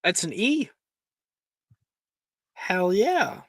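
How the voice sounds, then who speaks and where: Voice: medium pitch, big pitch swings, drawn-out words, a bit bright, husky, no echo. A game master running a tabletop game, chatty and explaining spells, laughing often.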